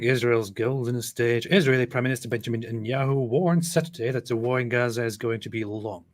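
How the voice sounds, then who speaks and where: A man's voice: mid-range voice, no room sound, clean studio sound. A man hosting a casual livestream, reading news aloud with wry, sarcastic asides. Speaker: host.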